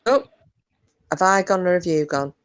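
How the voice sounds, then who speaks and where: A woman hosting a live chat stream, chatty and quick to laugh, swearing freely as she talks to her viewers. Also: fairly low pitch, expressive, dull audio. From England. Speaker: livestream host.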